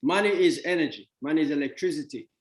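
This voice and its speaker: A man's voice: on the high side, fast talker. A man delivers a motivational talk in a somewhat raised voice, teasing his listeners with wordplay and chuckles before turning blunt. The room around him rings with echo. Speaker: speaker giving a money talk.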